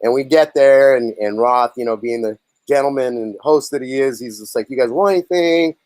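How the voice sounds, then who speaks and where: Guesting on a casual interview, a band's lead singer and songwriter spins animated tales, voicing the other characters' lines himself. He speaks at normal speed in a medium-pitched voice, and there is no room sound.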